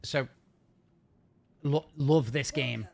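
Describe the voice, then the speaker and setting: Casual and joking, a man from the north of England streams games and talks fast in his northern English accent, often restarting. His mid-range voice has some vocal fry.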